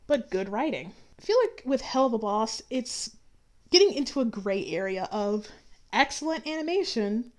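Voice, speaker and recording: A woman talks through her thoughts in a relaxed, chatty review. Her opinions are blunt, and she drops dry sarcastic asides. Her voice sits a little on the high side. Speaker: YouTube reviewer. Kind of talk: casual review commentary.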